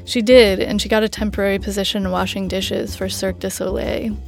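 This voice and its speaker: A woman reporter reads documentary narration in a measured, even way. Her voice carries a gravelly, creaky texture at a mid pitch. Soft music runs faintly beneath her. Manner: measured, plain storytelling.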